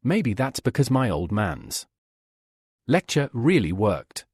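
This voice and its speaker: Brief: a calm young male hunter, husky and dry, plain delivery, read by a male narrator. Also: medium pitch, slow pace, no echo, heavily acted.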